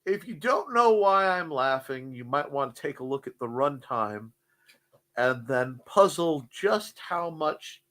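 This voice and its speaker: A man's voice: fairly high pitch, animated, measured pace, a bit bright. A man hosting a casual morning show, joking, rambling and reading out chat messages. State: cold.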